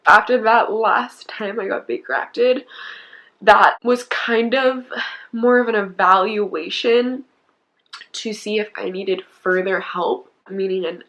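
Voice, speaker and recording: A woman's voice: medium pitch, slow pace, a bit bright, muffled recording. A young woman in her twenties, telling a painful personal story on camera in a candid, emotional way, her voice often dropping to a near-whisper. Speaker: YouTuber.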